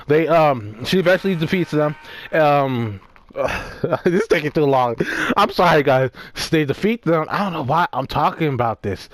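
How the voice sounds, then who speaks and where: A man's voice: fairly high pitch, lively intonation, a little slow, dry recording. Rambling, profane young man reviewing a film. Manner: rambling, profane, fillers and restarts. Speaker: YouTuber reviewing a movie. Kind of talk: casual one-take movie review.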